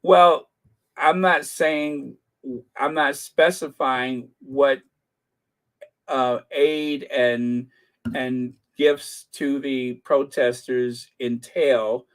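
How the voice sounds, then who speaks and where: A man's voice: medium pitch, fairly even intonation, extremely slow, fairly bright tone. An older man hosting a casual livestream, rambling with jokey asides. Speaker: channel host.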